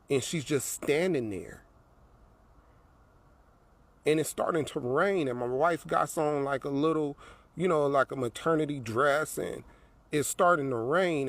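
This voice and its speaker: Rambling storytelling man, slightly high voice. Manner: rambling, repeats phrases. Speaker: vlogger. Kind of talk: personal storytelling.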